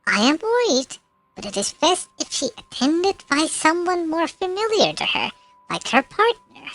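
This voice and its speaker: High-pitched woman reading game narration. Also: big pitch swings, measured pace, fairly bright tone, faint music behind. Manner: reads with slips and self-corrections. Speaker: streamer.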